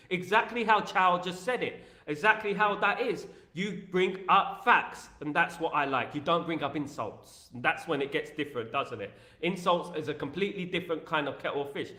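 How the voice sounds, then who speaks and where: A man with a high, bright voice hosts a live stream, talking in a lively, opinionated way and repeating himself often. He sounds roomy, with a clear echo around him. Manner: animated, repetitive and opinionated. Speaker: host of a fan live stream.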